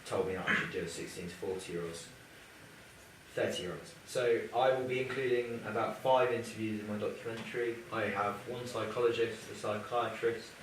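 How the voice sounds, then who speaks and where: A young man earnestly pitching his documentary idea to a group, with some halting restarts. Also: steady tone. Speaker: student presenting a documentary idea. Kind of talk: casual group discussion. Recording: echoey room from far off, noisy.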